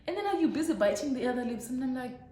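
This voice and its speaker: A woman's voice: high-pitched, expressive, racing, mellow, slight background noise. Frank woman, echoey room. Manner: frank, dramatic storyteller. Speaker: vlogger. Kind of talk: storytime vlog.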